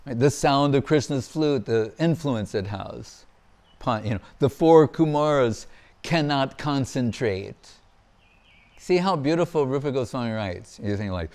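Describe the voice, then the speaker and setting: A man giving a devotional lecture as a monk, telling scripture stories in an animated way and acting out the quotes. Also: medium pitch, measured pace. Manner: animated storyteller, acts out quotes with laughter. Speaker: monk giving a spiritual discourse.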